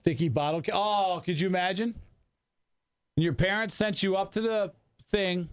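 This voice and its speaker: A man's voice: sits high, moderate pace, clean tone. A man in his forties in loose, profane, rambling chat on a radio talk show. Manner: profane, rambling banter with restarts. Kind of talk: casual chat.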